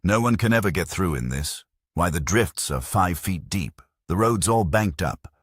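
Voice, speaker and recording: A man doing a brisk, blunt young husband. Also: sits low, lively intonation, husky, dry recording, studio quality, full character voice. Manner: brisk, sharp.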